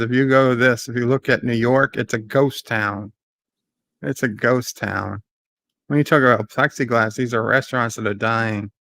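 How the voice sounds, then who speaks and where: Man, live commentator, mid pitch, reads chat comments aloud, dry close sound. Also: no room sound. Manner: paraphrases and reads chat, excitable bursts of laughter.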